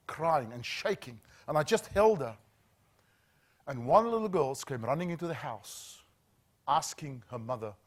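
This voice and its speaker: A middle-aged safety trainer with a mid-range voice tells a story earnestly. He uses dramatic pauses, dropping to a hush.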